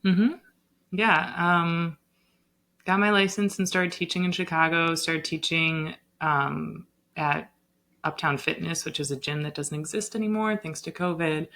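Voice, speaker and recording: A young woman, a yoga teacher, telling a personal story in a casual podcast chat, animated and full of "like" and "um". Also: low voice, a little slow. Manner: animated, lots of "like" and "um".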